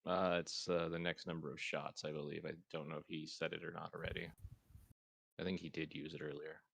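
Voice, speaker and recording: A man narrating as game master of a tabletop game, calm and explanatory. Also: extremely low pitch, a little fast, creaky.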